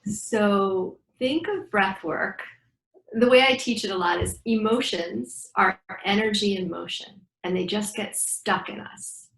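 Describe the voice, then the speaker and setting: Brief: middle-aged woman breathwork teacher, lively storyteller, recorded in a reverberant room. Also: mid-range voice, a little slow, creaky. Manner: animated storyteller acting out dialogue. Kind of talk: guiding breathing exercises in an interview. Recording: echoey room.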